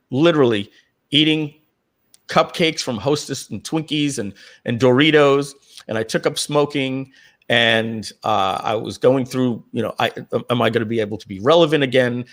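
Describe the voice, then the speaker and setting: Rambling man who keeps clearing his throat. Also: medium pitch, fairly bright tone. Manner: rambling, with frequent restarts and repeated throat-clearing. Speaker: company founder. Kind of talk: personal storytelling in a live Q&A.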